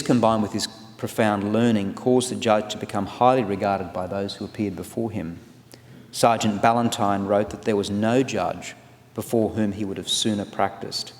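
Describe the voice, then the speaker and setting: Low-voiced man lecturing in a hall. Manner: measured, scholarly delivery with occasional restarts. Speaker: guest lecturer on legal history. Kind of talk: formal public lecture read from a paper. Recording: long reverb of a lecture hall.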